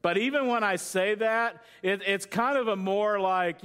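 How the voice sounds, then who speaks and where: An older man delivers a sermon as pastor, talking in a high, light register. He tells stories with jokes along the way and keeps tossing questions out to the congregation. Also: unhurried, fairly bright tone, smooth. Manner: conversational, jokey storytelling with audience questions.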